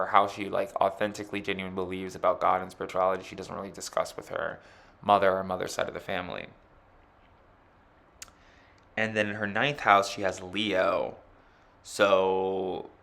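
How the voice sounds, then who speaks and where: Casual male astrologer, slightly low, fry-heavy voice, rambling filler-laden delivery. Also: a bit bright. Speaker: astrology chart reader. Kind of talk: casual astrology chart reading.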